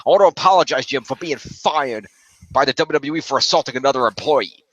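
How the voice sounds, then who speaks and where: Man doing a cocky New York mafia-type, sneering and sarcastic, fast delivery. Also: mid-range voice, expressive, fairly bright tone, dry recording, low-quality recording. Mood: mocking. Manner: mocking, sarcastic delivery of a read-out statement.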